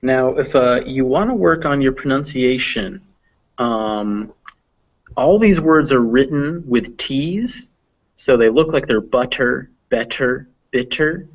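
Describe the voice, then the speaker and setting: A man's voice: mid-range voice, lively intonation, slow. A man teaching English pronunciation in an online lesson, patient and encouraging, with lots of fillers. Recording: dull lo-fi voice chat audio.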